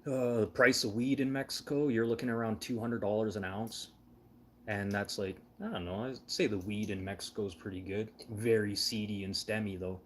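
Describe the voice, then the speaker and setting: Low-voiced dude rambling through stories, swears a lot, laughs along, faint hum behind him. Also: male voice, steady tone, normal speed, a bit bright. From Canada. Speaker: show host. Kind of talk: casual storytelling chat.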